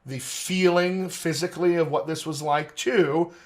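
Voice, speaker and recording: A man working as an accent coach, talking in a casual interview in animated, quick bursts. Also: on the high side.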